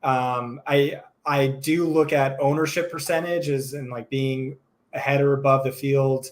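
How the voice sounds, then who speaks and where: Guy cohosting a livestream, average pitch, quick opinionated takes, keeps restarting sentences. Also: steady tone. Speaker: co-host. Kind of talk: casual chat on a live stream.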